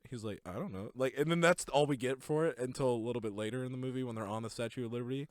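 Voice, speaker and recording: Excited young man gushing over a film. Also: mid-range voice, racing, dry recording, studio quality. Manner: excited, retells scenes with laughs. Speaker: podcast co-host. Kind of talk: casual movie review chat.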